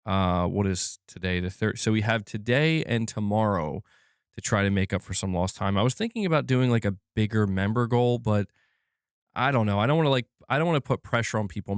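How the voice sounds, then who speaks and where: Casual low-voiced male livestream host. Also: brisk, clean tone, no echo, studio quality. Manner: chatty, reads out chat messages.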